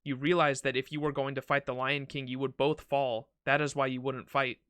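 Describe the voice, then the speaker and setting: A man's voice: medium pitch, flat delivery, fairly quick, fairly bright tone, smooth, no room sound, lightly acted. A man voicing a hot-tempered young woman monk in a game, earnest and scolding.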